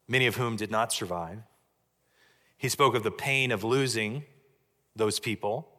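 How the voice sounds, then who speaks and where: A man preaching a sermon as pastor, measured, dropping low and soft on key points. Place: church sanctuary. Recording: long church reverb.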